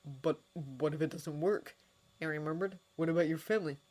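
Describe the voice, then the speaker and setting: A woman voicing a frightened teenage boy wizard who speaks in a hushed, trembling way. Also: mid-range voice, moderate pace, voice pushed up, lightly acted.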